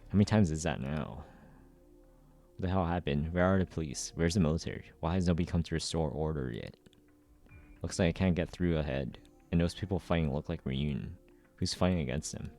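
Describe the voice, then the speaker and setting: Man voicing a scared schoolgirl, tense inner monologue, very low voice, soft music behind. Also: a little fast. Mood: anxious. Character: frightened young schoolgirl fleeing a burning city. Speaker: reader. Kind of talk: amateur story readthrough.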